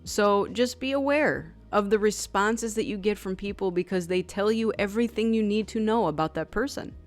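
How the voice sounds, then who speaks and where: Over soft background music, a woman with a mid-range voice and moderate pace offers a conversational, intuitive tarot reading. She leans on "like" constantly and brings quoted people to life with animated voices.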